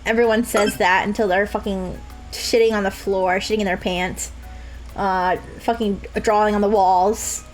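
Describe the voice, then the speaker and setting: A woman's voice: medium pitch, fairly even intonation, moderate pace, faint music behind, poor audio. A young woman streaming a game live, chatting to viewers with crude jokes and frequent laughter, sometimes slipping into mock sobbing. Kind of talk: live-stream gameplay commentary.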